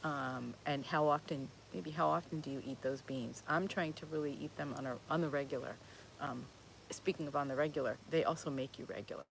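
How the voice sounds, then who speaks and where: Chatty woman with a gravelly voice. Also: low-pitched, fairly quick, slight background noise. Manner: rambling, chatty, frequent fillers and restarts; warm, encouraging, answering viewer comments. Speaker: host of a plant-based cooking channel. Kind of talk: live-stream Q&A chat.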